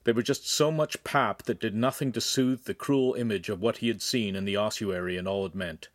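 Audiobook narrator, male, measured and even, dry booth sound. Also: fairly low pitch, dry recording.

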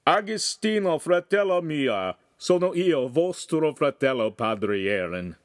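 A man's voice: lowish voice, animated, unhurried, dry recording, studio quality. A man voicing an old male monk elder who speaks solemnly in rhyme. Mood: joyous. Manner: solemn, rhyming sayings.

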